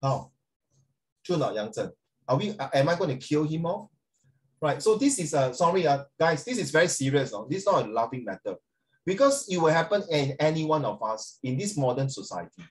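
A middle-aged man who teaches English at a secondary school gives an off-the-cuff class lecture in a rambling, chatty style, slipping into Mandarin and calling on students by name. His voice sits a little high, swings widely in pitch, and moves at a brisk clip.

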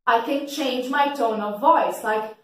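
Slow, patient woman teacher, echoey room. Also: fairly high pitch, recorded from a distance. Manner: clear, patient explaining with frequent "okay?" checks; describes her teaching voice as kind of loud. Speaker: English teacher. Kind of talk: slow vocabulary lesson for learners.

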